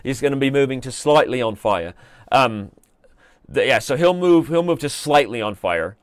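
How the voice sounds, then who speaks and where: A man hosting a live online chess show, commenting on games in a chatty, joking way and reading out viewer shout-outs. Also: mid-range voice, animated, moderate pace, clear, resonant tone, dry recording. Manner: chatty and joking, with playful asides.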